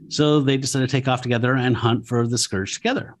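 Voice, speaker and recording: A man's voice: medium pitch, steady tone, quick pace, few pauses. A man in his forties co-hosting a podcast, recapping a comic in casual chat, swearing freely, laughing and acting out the characters' lines. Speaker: podcast co-host.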